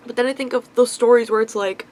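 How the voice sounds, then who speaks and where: A woman's voice: a little high, fairly even intonation, fast, a little mellow, slight background noise. Upset young woman venting with sighs. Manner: venting, frustrated, sighing often. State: upset, on the verge of tears. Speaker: vlogger. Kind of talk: emotional confessional vlog.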